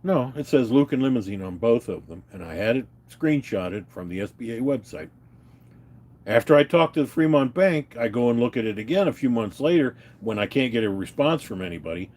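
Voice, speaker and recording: A man talks at an ordinary middle pitch, venting in a heated, unscripted way. He swears freely and keeps addressing his viewers directly as he tells his story. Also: lively intonation, fairly quick, a little mellow. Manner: agitated, profane, ranting and telling stories to viewers. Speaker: livestreamer answering chat. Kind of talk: unscripted live rant.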